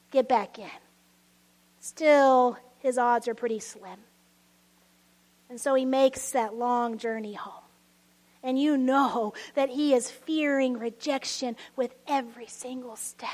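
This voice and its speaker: Woman preacher, high voice, slow and unhurried, goes hushed and whispery to drive points home. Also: fairly even intonation. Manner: intimate, drops to soft near-whispers for emphasis, light laughs. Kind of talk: sermon. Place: church service.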